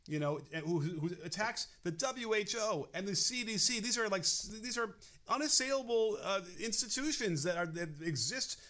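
A man co-hosting a podcast in casual political chat, rambling and halting with restarts. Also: high-pitched, expressive, sharp tone. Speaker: podcast co-host.

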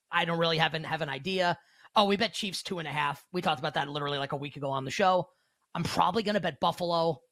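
Fast, bright-voiced man talking bets. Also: on the high side, gravelly. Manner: quick, excitable, lots of filler and restarts. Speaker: sports betting podcast co-host. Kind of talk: casual chat.

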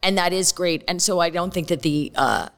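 A middle-aged woman speaking as a podcast guest in casual chat, candid and quick to swear. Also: on the low side. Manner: candid, profane and animated.

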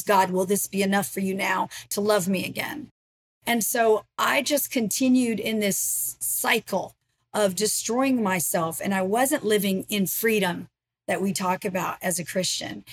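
A middle-aged woman recounts her personal testimony as an interview guest. Her pitch sits mid-range for a woman. She speaks in an earnest, emotional storytelling manner. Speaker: ministry founder, guest.

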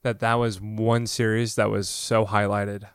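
A man in his twenties is a guest on a casual podcast. He talks in a relaxed way, teases the host, and laughs along. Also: lowish voice, a little slow, clean tone, no room sound, clean studio sound. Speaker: podcast guest, host's fiancé.

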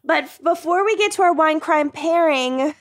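A woman's voice: very high-pitched, moderate pace. A woman co-hosting a podcast, chatting casually with friends and laughing often. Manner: giggly, jokey, bursts of laughter. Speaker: podcast co-host.

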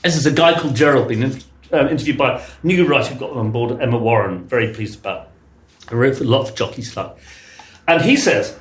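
A man's voice: medium pitch, a little fast, echoey room. A man hosting a casual chat, reading old press clippings aloud with enthusiasm. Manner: enthusiastic, reads quotes with lively emphasis. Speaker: podcast host.

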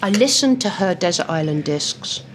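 Lively woman chatting over lunch. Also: fairly low pitch, normal speed, a little hiss or hum. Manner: lively storyteller who slips into impressions. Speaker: interview guest. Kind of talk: animated conversation over lunch. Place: restaurant.

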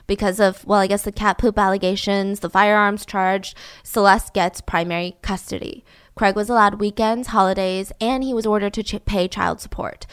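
A young woman recounts a true-crime story in a casual, chatty way, with wry, sarcastic asides along the way. Her voice sits fairly high for a woman. The recording is close and dry, with no room sound. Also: no room sound.

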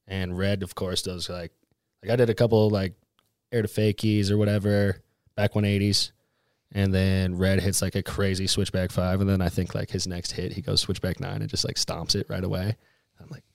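Guest, young male snowboarder. Slangy, easygoing storyteller, lowish voice, dry close mic. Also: flat delivery, a little fast, darkish tone, dry recording. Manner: laid-back, slangy storytelling with many fillers. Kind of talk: casual podcast chat.

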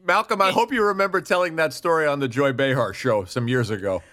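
A man's voice: a little high, brisk, fairly bright tone. A man co-hosting a podcast, eagerly prompting the guest to tell his favorite stories. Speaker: podcast co-host. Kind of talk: casual podcast chat.

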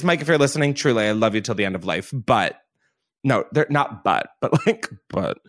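A man's voice: medium pitch, lively intonation, moderate pace, a bit bright. A young man hosting a podcast, chatting casually in a rambling way and laughing often. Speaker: podcast host. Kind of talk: casual chat.

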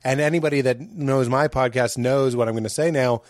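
A man's voice: mid-range voice, brisk, darkish tone, dry recording. A man who is a comedian, talking as a podcast guest in an earnest, reflective way. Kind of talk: casual podcast chat.

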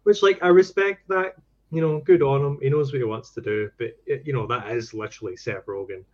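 A man's voice: medium pitch, a little fast, darkish tone, dull audio. A man co-hosting a podcast, chatting loosely and filling his talk with "you know" and "like". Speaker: podcast co-host. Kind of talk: casual chat.

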